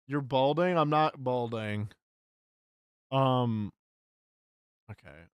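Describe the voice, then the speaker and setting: A man's voice: mid-range voice, extremely slow, clean tone, no room sound. A young man streaming live, chatting casually with his chat, frustrated, swearing and repeating himself.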